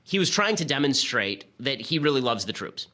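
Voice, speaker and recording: A man hosting a political commentary show, talking in a rapid, sarcastic, argumentative way. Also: medium pitch, big pitch swings, pushed and bright. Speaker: host.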